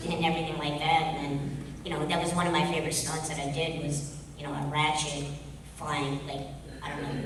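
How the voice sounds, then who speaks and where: A man answering questions at a convention panel, with quick jokes and an offhand ease. His voice rings through a large hall with long reverb. He sounds far from the microphone. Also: fairly high pitch, background noise. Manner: joking, offhand. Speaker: guest of honour.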